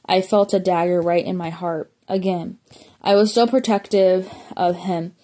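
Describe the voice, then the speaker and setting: A woman's voice: fairly low pitch, fairly even intonation, measured pace, mellow. A woman reading a memoir aloud as an audiobook, plainly, with small slips and self-corrections. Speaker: audiobook reader.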